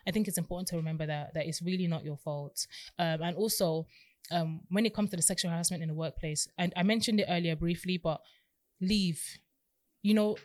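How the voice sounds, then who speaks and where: A woman's voice: on the low side, steady tone, a little fast. A woman co-hosting a podcast, speaking in a casual, reflective way and giving earnest advice. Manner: reactive, emphatic, reflective. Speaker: podcast co-host. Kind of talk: casual chat.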